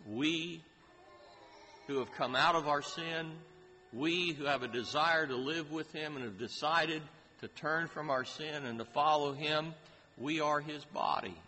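Slow, bright-voiced preacher in a reverberant hall. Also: male voice, fairly high pitch. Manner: slow, deliberate preaching with emphatic rises on key phrases. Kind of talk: sermon. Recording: hall reverb with faint ambient noise.

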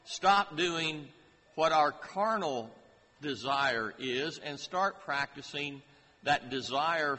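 A man preaching a sermon in a slow, deliberate way, lifting his voice to stress key phrases. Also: mid-range voice, pushed and bright, husky. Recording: hall reverb with faint ambient noise.

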